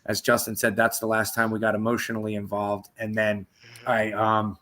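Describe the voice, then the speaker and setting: A man's voice: on the low side, monotone, moderate pace, a bit bright, a little hiss or hum. A man hosting a podcast, telling a rowdy story in casual, profane chat and acting out the quotes. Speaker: podcast host.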